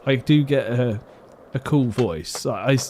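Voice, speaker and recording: A man's voice: mid-range voice, measured pace, dark tone, slight background noise. A man streaming a game and chatting casually, rambling and poking fun at himself. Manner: rambling, self-mocking, chatty. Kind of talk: casual live-stream chat while gaming.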